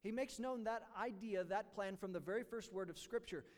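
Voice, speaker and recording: Brief: man, high voice, pastor preaching to his church in a big reverberant room, light jokes giving way to earnest teaching, halting and repetitive. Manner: joking, then earnest teaching; halting, repeats words. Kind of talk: sermon. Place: church sanctuary.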